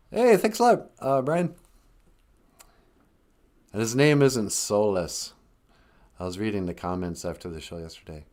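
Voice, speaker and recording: A man's voice: medium pitch, darkish tone. A man hosting a live stream in a casual, rambling way, joking and reading viewer comments aloud.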